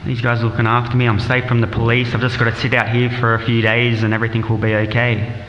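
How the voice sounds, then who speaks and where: A man's voice: mid-range voice, monotone, fast talker, fairly bright tone, slight background noise, close to an everyday voice. A man putting on a reluctant young runaway recruit, wry and offhand, muttering his thoughts. The sound is dull and distant, with a long echo off the hall walls. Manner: wry, casual inner monologue. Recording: dull echoey temple hall.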